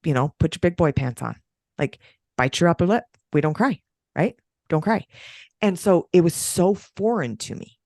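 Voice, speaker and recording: A woman who runs breathwork sessions, chatting on a podcast and telling stories with an animated, swooping delivery. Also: normal speed, no echo, clean studio sound. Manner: animated storytelling, big pitch swings. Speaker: breathwork facilitator. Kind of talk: podcast conversation.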